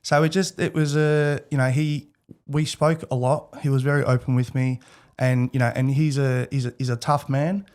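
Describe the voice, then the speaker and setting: A man's voice: medium pitch, flat delivery, moderate pace, a little mellow, smooth. A man in his thirties with an Australian accent, a podcast guest talking candidly and rambling, with many restarts. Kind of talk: casual interview chat.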